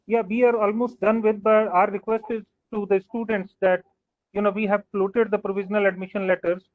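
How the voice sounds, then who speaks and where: A man's voice: high-pitched, level tone, a little fast. A man giving formal admission updates on a call. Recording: tinny phone-like line.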